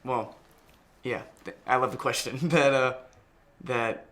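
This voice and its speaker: A man's voice: medium pitch, steady tone, a bit bright. A young male actor in a press interview, talking in a loose, rambling way full of fillers and restarts. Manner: rapid, rambling, lots of likes and restarts.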